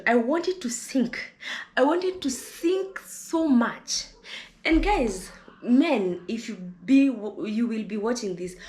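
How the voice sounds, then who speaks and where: A woman's voice: mid-range voice, roomy sound. A Kenyan woman vlogger speaking to camera in an impassioned monologue, fiery and preachy, often repeating words as she gets heated.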